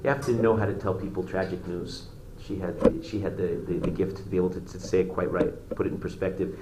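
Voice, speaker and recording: A man teaching a religious class, retelling a story in a halting way with many restarts. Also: low voice, fairly even intonation, reverberant, very noisy.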